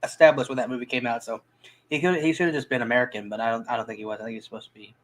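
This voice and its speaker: A man's voice: mid-range voice, steady tone, rapid-fire, poor audio. Rambling man chatting about movies. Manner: rambling, many restarts and fillers. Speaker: movie reviewer. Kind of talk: casual chat.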